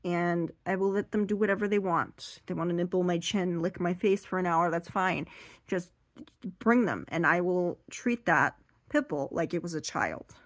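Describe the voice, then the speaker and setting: A woman doing seated stand-up comedy, rambling and animated as she acts out her stories. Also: on the low side, moderate pace, no echo.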